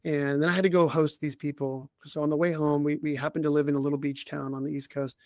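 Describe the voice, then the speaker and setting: A man who coaches leaders and co-hosts a podcast. He tells a personal story in conversation, in a halting way with many restarts and frequent throat-clearing. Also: a little high, flat delivery, a little mellow, no room sound, clean studio sound.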